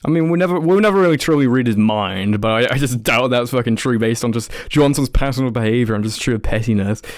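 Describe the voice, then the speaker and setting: A man's voice: medium pitch, fast talker, no echo, clean studio sound. Blunt, swearing man on a podcast. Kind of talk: casual podcast chat.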